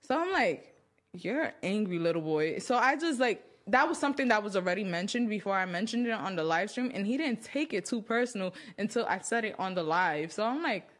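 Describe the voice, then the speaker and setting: A woman guest on a podcast, recounting a story in an animated way and acting out the quotes. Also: medium pitch, brisk.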